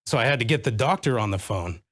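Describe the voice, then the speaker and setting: Earnest man recounting, halting. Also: mid-range voice, expressive. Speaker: guest parent. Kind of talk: personal account in a talk show.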